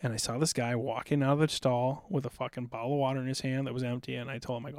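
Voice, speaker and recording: Man, middle-aged, podcast guest, intense, profane, amped up, clear voice, dry sound. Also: mid-range voice, little pitch movement, fast talker, few pauses, dry recording. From South Dakota. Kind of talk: casual storytelling.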